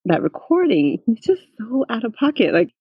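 A man co-hosting a podcast, chatting casually in an animated, slangy, laughing way. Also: extremely high pitch, normal speed, breathy edge, no room sound. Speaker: podcast co-host. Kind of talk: casual chat. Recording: dry, phone-like sound.

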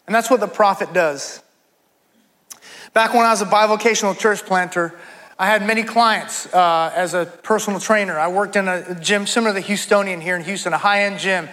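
A man delivers an emphatic sermon to his congregation. His voice sits very high, with a bright edge. Long reverb trails every phrase through a large church hall. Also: steady tone, brisk. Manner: emphatic preaching, rising into fervent quoted voices. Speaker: pastor.

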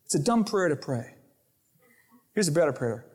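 A man preaching a sermon to his congregation, lively, acting out the voices in his quotes and stories. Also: a little high, normal speed, slightly rough. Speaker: pastor. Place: church sanctuary.

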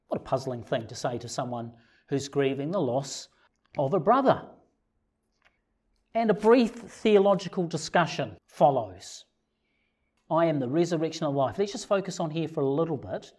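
A man with a fairly high voice preaching a sermon in an easy, conversational manner. He keeps putting rhetorical questions to his listeners and chuckles now and then between points. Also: lively intonation, moderate pace, a little mellow. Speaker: pastor.

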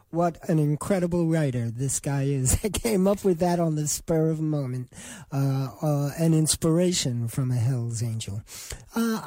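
A man's voice: medium pitch, mellow, dry recording. A man hosting an interview show, introducing clips with enthusiasm and hesitant links between them. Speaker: interview host.

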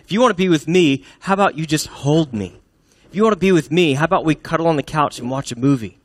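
A man's voice: on the high side, quick pace, no echo, lightly acted. A man voicing an exasperated young wife who turns her husband away, speaking in a sassy, indignant way.

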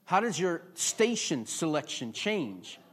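A man pastor preaching a sermon to a congregation, chatty and conversational, building to loud emphatic peaks. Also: a little high, big pitch swings, slow. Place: church before a congregation.

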